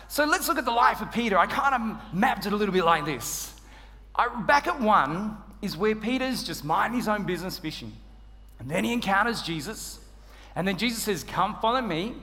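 A man with an Australian accent preaching a sermon in church, telling stories with humor and poking fun at himself. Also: high voice. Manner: humorous, self-deprecating, animated storytelling. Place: church hall. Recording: church hall reverb.

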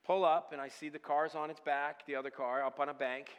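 Male pastor preaching, fairly high voice, long echoing hall, shifts from hushed storytelling to fervent shouting. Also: little pitch movement, brisk, clear, resonant tone. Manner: preaching, swings from quiet storytelling to loud passionate crying out. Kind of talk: sermon with personal story.

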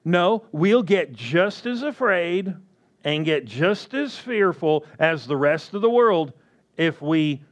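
A man preaching a sermon slowly and emphatically, often asking the congregation questions. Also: fairly high pitch.

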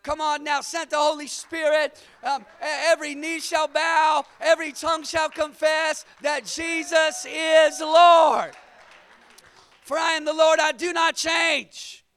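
A man preaching a lively sermon, shouting at the peaks and calling on the congregation to answer back. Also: extremely high pitch, a little slow. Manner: energetic, shouting at peaks, call-and-response. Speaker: pastor.

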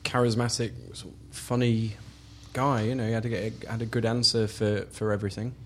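A man's voice: fairly low pitch, little pitch movement, a little fast, a little hiss or hum. A man on a football podcast panel, giving opinions in casual chat with frequent "you know" fillers.

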